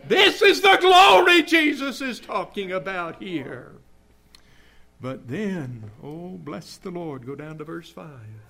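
A male preacher with a high, bright, forceful voice delivering a sermon. He speaks slowly and deliberately, quoting old-fashioned scripture. His intensity climbs from hushed phrases into ringing shouts. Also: sing-song, gravelly. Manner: King James scripture reading, builds to shouting.

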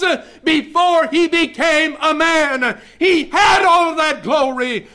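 High, bright-voiced preacher building to shouts. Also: male voice, creaky. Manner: King James scripture reading, builds to shouting. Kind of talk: sermon.

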